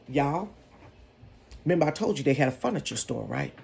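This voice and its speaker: A woman telling a story from her bedroom in a sassy, animated way, calling her viewers "baby" and "honey". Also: lowish voice, moderate pace, creaky, husky. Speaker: storytelling vlogger. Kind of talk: casual storytime.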